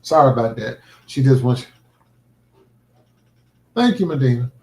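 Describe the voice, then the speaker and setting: A man's voice: mid-range voice, expressive, unhurried, a little mellow. A man livestreaming a vlog, talking in an earnest, emphatic, preacherly way about faith and his life. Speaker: livestreaming vlogger. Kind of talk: casual heartfelt livestream talk. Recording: roomy echo.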